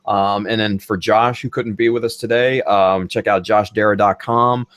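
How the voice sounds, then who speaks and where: A man hosting a casual online podcast, talking in a relaxed, rambling way with many fillers. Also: fairly low pitch, moderate pace, no room sound. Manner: laid-back, filler-heavy, friendly sign-off. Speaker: podcast host. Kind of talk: casual chat.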